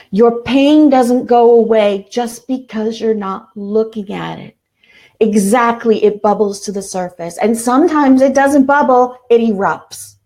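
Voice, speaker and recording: A middle-aged woman hosting a spiritual self-help talk, speaking earnestly and slowing down for repeated affirmations. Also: mid-range voice, mellow. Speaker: self-help show host.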